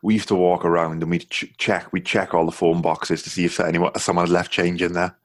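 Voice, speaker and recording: The host is a man from England in his thirties, chatting casually on his podcast and wandering along with plenty of "you know"s. He talks a little fast in a low-pitched, level voice, recorded at studio quality without echo.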